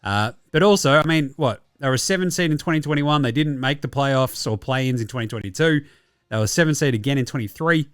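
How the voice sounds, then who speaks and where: A man with an Australian accent recapping basketball results in a casual, sweary, excitable and sarcastic way. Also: medium pitch, brisk, clean tone, dry recording, studio quality. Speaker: basketball podcast host.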